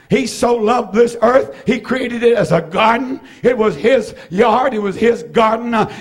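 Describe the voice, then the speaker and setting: A man preaching a sermon, with rhythmic repetition, swinging between shouted phrases and hushed ones. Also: very high-pitched.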